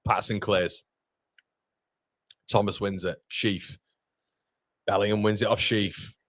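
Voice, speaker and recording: A man's voice: lowish voice, steady tone, takes it slowly, fairly bright tone, no echo, clean studio sound. A young man hosting a live football watchalong, commenting on the match and reading viewer comments aloud with frequent laughs. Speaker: watchalong host.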